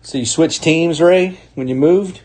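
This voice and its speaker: A man's voice: on the high side, a little mellow, a little hiss or hum. A man hosting a sports card break, calling out each card as he opens packs in an upbeat, chatty way, often chuckling. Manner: upbeat, calls out names in quick bursts, chuckles often. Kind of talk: live card-opening commentary.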